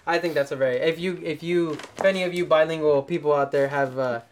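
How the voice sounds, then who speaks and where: Young man telling animated podcast stories. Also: on the high side, fast, faint music behind. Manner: animated storytelling, swings into loud mock voices. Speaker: podcast host. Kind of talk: casual podcast chat.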